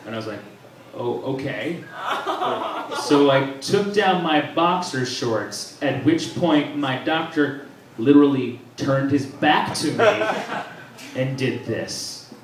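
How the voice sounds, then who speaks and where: Male stand-up comedian, young adult, animated storyteller, roomy echo, noisy distant recording. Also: mid-range voice, slow pace. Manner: animated storytelling, acts out quoted characters. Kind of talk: stand-up routine. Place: live comedy venue with audience. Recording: echoey room recorded from afar, noisy.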